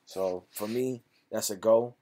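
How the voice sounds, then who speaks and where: A man's voice: on the low side, takes it slowly, mellow. A man hosting an investing channel who reads company facts and figures aloud in clipped phrases, then chats loosely about whether to buy. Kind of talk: casual stock-analysis commentary.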